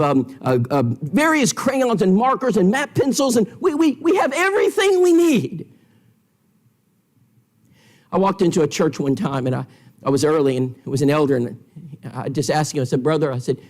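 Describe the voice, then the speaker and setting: A man's voice: high voice, darkish tone. A man teaching an evangelism seminar in a church, telling stories with quoted dialogue in an emphatic way. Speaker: preacher.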